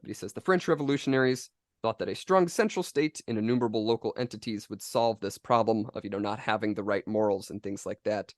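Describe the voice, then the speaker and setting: An American man co-hosts a casual discussion and moves briskly through quoted passages, dropping in "um" and "you know". His voice sits fairly low. The sound is dry and close. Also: dry recording. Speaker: podcast co-host.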